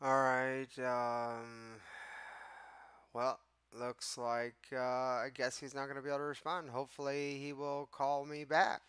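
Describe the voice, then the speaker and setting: A man's voice: mid-range voice, level tone, measured pace, fairly bright tone, smooth, dry recording. A man hosting a live stream, exasperated and swearing as he answers his chat. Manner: exasperated, profane, talks to chat. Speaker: livestream host. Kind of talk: casual live-stream talk.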